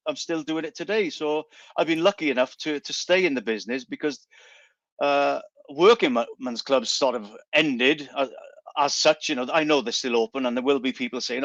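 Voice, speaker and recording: A man's voice: mid-range voice, dry recording. A man with a West Welsh accent, a guest comedian chatting casually on a radio show, often restarting and repeating words. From South West Wales. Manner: halting, many restarts and repeats. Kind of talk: casual chat. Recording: dry, dull lo-fi sound.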